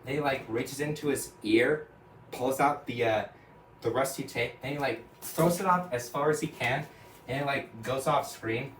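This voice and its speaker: A man's voice: medium pitch, moderate pace, fairly bright tone, slight background noise. Rambling man retelling a cartoon. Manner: rambling, many "and then" and "like". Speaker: storyteller. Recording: echoey room, from a distance.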